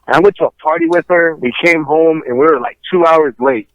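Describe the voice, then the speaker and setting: A man in his thirties co-hosting a podcast, telling stories in a profane, animated way and acting out quotes. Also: on the high side, a little fast, no room sound, highs cut off. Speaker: podcast co-host. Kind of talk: casual chat, storytelling.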